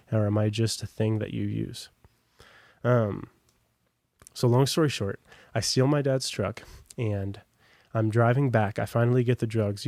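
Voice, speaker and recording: A man's voice: on the low side, warm tone, dry recording. A young American man on a podcast, telling his own story in a casual, rambling way with lots of fillers and asides. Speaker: podcast guest.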